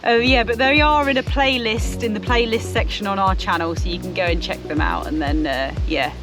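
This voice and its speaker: A woman's voice: medium pitch, a little fast, over music. A woman chatting casually as a travel vlogger in a camper van, laughing easily. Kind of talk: casual chat.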